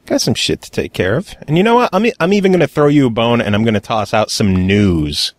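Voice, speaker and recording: A man hosting a casual podcast, relaxed and joking, with plenty of offhand swearing. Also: mid-range voice, fairly quick, dry recording. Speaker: podcast host.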